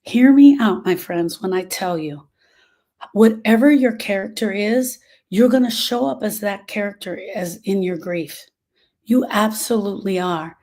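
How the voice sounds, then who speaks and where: A middle-aged woman speaking as a grief specialist, talking earnestly to her followers and slowing down on emotional points. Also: mid-range voice, mellow. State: emotional, short of breath at moments. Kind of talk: personal talk to followers.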